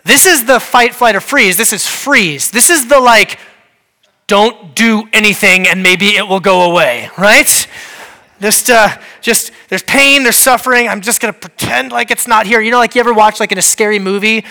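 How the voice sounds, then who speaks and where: A man delivers a church sermon in a high, bright voice. He talks conversationally with plenty of fillers. He slips into playful quoted voices to make his points. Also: normal speed, creaky. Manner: humorous, acts out quoted voices. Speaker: pastor. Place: church service.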